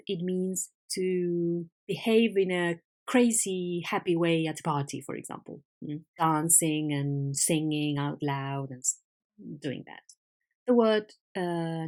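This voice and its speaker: A woman teaching an English vocabulary lesson, patient and clear, asking questions and confirming answers. Her first language is Spanish. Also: lowish voice, a little slow, a little mellow.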